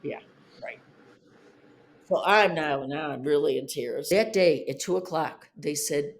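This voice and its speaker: A woman in her fifties telling the story of her divorce on a podcast, animated, her voice climbing high when she is upset. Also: measured pace. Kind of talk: emotional personal storytelling.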